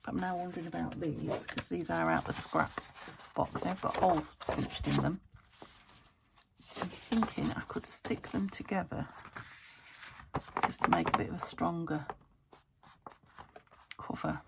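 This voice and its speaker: Very gravelly British woman crafting. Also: deep voice, big pitch swings, unhurried, pauses often, heavy background noise. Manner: chatty, thinks aloud while working. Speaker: craft channel host. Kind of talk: casual crafting chat. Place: home craft table.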